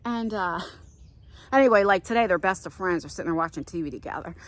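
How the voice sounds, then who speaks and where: A woman's voice: fairly low pitch, expressive, quick pace, dry recording. A woman in her forties telling a story in a chatty walk-and-talk vlog outdoors on a nature trail, filming herself on a handheld phone. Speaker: vlogger.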